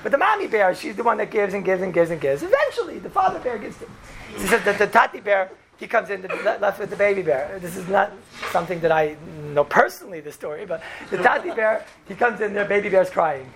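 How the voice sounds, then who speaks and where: A man giving an informal Torah talk to students, telling stories in a rambling, animated way with many fillers and laughs. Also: high voice, fast talker, gravelly. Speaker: yeshiva lecturer. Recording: echoey room with background noise.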